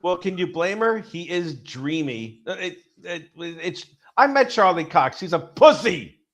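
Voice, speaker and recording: A man's voice: sits high, animated, a little slow. A man in casual podcast chat, rambling and swearing as he retells a story and acts out the quotes. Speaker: podcast co-host.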